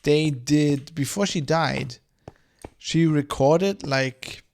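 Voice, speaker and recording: A man's voice: fairly high pitch, extremely slow, vocal fry, darkish tone. A man streaming a game, rambling in loose, casual chat full of swearing and fillers. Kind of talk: casual chat while gaming.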